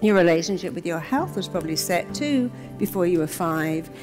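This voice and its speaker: A woman therapist giving a motivational talk, lively and dramatizing inner voices. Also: on the low side, normal speed, over music. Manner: lively, acts out inner voices in quoted asides. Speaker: therapist and self-help speaker.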